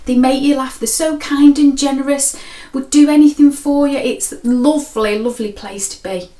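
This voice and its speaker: A woman voicing an excited, cheerful young girl off on her first trip. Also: on the low side, brisk, far from the mic, natural voice. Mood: eager. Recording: roomy echo.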